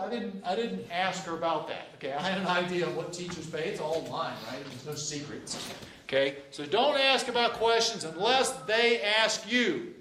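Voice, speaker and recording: A man in his fifties teaches a class of cadets as their JROTC instructor, his high, fairly bright voice at normal speed. The echoey room has a little hiss or hum, and his folksy, repetitive lecture includes stories where he acts out the dialogue.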